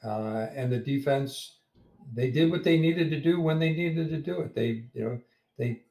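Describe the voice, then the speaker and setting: A man's voice: mid-range voice, normal speed, mellow. Hesitant man in an echoey room. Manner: hesitant, filler-heavy. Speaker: podcast co-host. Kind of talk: casual post-game sports chat.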